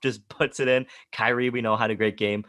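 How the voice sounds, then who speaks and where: A man co-hosting a podcast in casual sports chat, excitable, laughing often and retelling his own reactions. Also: medium pitch, a little fast, no room sound, clean studio sound. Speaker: podcast co-host.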